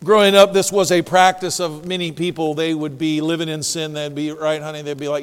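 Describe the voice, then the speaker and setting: High-pitched guy preaching, goes from quiet to shouting, big echoey church hall. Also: flat delivery, brisk, few pauses, smooth. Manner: swings from quiet asides to shouted exhortation. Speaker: pastor. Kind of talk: sermon.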